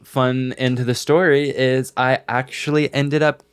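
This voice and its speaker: A young man co-hosting a podcast, telling a story in casual chat, animated and swearing freely. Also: medium pitch, unhurried, clear, resonant tone. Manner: animated storyteller, swears a lot, acts out quotes. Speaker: podcast co-host.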